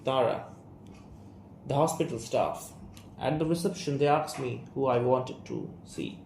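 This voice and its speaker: A young man with an Indian English accent voicing a sharp, resentful young woman as he reads a play aloud, speaking her name and the stage directions too. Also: medium pitch, animated, measured pace, creaky. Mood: earnest. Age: young adult. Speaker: student reader. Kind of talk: reading an audio play aloud. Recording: roomy room, faint hiss.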